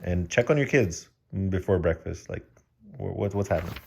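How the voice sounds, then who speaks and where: A man's voice: deep voice, moderate pace, creaky, slight background noise. A man reading a children's picture book aloud, breaking off for joking asides to the kids listening. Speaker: children's story reader.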